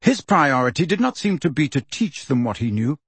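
A man narrating a story for an audiobook in a steady storytelling delivery. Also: on the high side, brisk, slightly rough, no echo.

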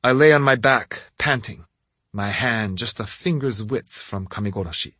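A man narrating a first-person fantasy audiobook in a dramatic, expressive reading. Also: lowish voice, moderate pace, no room sound.

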